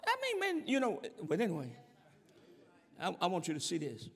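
A man preaching a sermon, asking the congregation call-and-response questions and building up to shouted passages. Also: high-pitched, huge pitch swings, normal speed, creaky, husky. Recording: long hall reverb.

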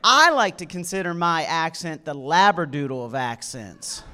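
A man's voice: a little high, lively intonation, normal speed, sharp tone, smooth. A man from Nova Scotia with a Canadian accent touched by a Southern drawl, telling his own story in a chatty, humorous way as a guest preacher. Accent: Canadian with a slight Southern drawl. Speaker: guest speaker at a church. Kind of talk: sermon with personal testimony.

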